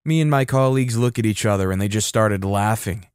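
Man, scripted story narration, steady delivery, dry close sound. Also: on the low side, fairly quick, clean tone, dry recording.

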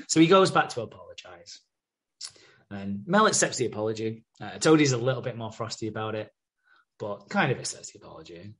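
A man's voice: fairly low pitch, sing-song, a little fast, fairly bright tone, slightly rough. A young man chatting casually and swearing freely as he recaps soap scenes, briefly acting out the characters' lines. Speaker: podcast co-host recapping a soap. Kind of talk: casual chat.

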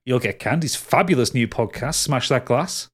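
A man's voice: medium pitch, animated, normal speed, husky. A man hosting as game master, wrapping up the episode in a rambling, laughing way and swearing casually. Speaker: game master and podcast host. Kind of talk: casual podcast outro and plugs.

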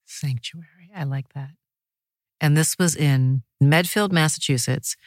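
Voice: medium pitch, unhurried, dry recording. Curious interviewer with a dry close sound. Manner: curious, affirming follow-up questions. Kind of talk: conversational interview.

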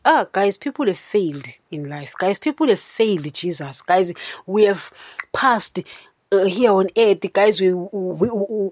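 A woman's voice: medium pitch, darkish tone, no echo, clean studio sound. A woman hosting a podcast, giving an earnest, rambling monologue about faith and often turning to her listeners. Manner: earnest, rambling, keeps saying "you know, guys". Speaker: podcast host.

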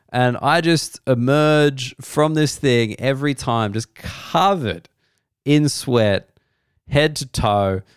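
Australian man with a smooth, dry comic voice. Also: medium pitch, dry recording. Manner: loose, profane storytelling with mock-excited outbursts. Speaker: comedian host. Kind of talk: solo comedy podcast monologue.

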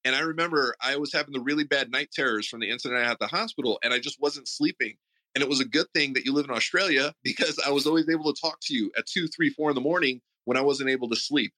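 An earnest man hosts a support group, his voice very bright and ringing. He stammers and repeats words while he talks from the heart, at an even, middle pitch. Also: fast, low-quality recording. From Puerto Rico. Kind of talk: heartfelt tribute talk. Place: online audio room.

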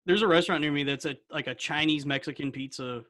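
A man's voice: fairly high pitch, fast, fairly bright tone, dry recording, studio quality. A man chatting casually on a podcast, hesitating and filling with "like". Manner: fillers with "like", hesitant. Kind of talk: casual chat.

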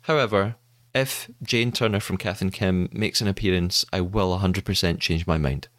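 A man hosting a podcast, presenting a scripted segment in an upbeat, animated way. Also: deep voice, normal speed, background noise. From United Kingdom. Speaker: podcast host.

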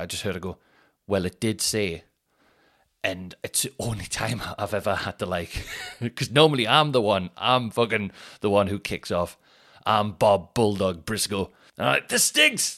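A man hosts his own podcast. He tells stories in a rambling, sweary way. His voice sits a little low, and it jumps up loud when he mimics other people. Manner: sweary, rambling, animated retelling with shouted put-on quotes. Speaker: podcast host. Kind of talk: casual comedic storytelling.

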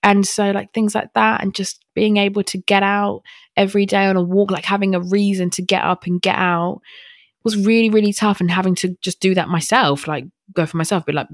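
A young woman hosts a candid personal podcast monologue, talking from the heart in a chatty way with lots of fillers, restarts and some casual swearing. Her mid-range voice is fairly quick with fairly even intonation, captured in clean studio sound with no echo.

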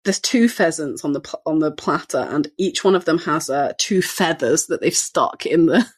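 A woman's voice: deep voice, animated, normal speed, slightly rough. A woman co-hosting a cookbook podcast, joking bluntly in casual chat. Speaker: podcast co-host.

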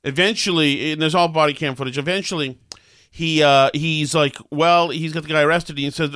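A man's voice: fairly high pitch, steady tone, normal speed, fairly bright tone, clean tone, no echo, studio quality. A man hosting a talk show with a New England accent, rambling and sarcastic with many fillers. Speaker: talk radio host. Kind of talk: opinionated casual talk.

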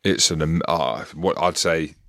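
A man hosting a podcast, a former rugby player chatting in a relaxed, conversational way. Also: extremely low pitch, a little slow, creaky, no echo, clean studio sound. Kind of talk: casual chat.

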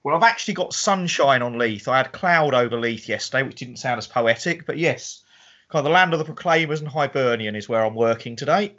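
A man's voice: medium pitch, lively intonation, a little fast, fairly bright tone. Wry man calling in to a podcast. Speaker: podcast co-host. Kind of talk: casual podcast chat. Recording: dull lo-fi remote audio.

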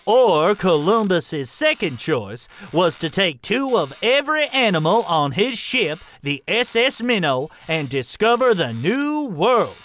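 A man playing a pompous, bumbling old-fashioned gentleman in a comedy sketch, talking in a formal drawl and flustering easily. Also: sits high, heavily acted. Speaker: comic presenter.

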